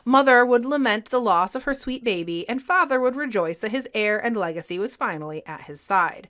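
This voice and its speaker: A woman co-host narrating a scripted history podcast in a lively, expressive way. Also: fairly high pitch, a little fast.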